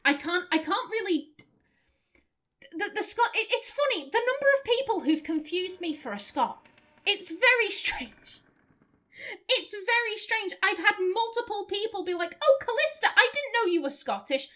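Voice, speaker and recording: A woman's voice: very high-pitched, lively intonation, measured pace, pushed and bright. Chatty Lancashire woman playing a game. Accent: Lancashire, softened toward standard British. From Lancashire, England. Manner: chatty, rambling, stumbling restarts, laughing asides. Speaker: game streamer. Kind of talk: casual let's play commentary.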